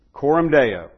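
A man delivers a conversational sermon in a lo-fi recording that sounds muffled. He repeats words as he gathers his thoughts and drops into quiet asides. On the key points his voice climbs and swells into loud emphasis. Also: medium pitch, husky. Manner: rambling, repeats words, swings from soft asides to emphatic peaks. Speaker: preacher teaching a Bible study.

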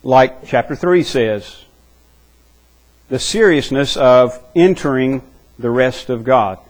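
A man's voice: medium pitch, takes it slowly, rough recording. A man preaching an expository sermon, earnest and emphatic, often repeating words as he works toward his point.

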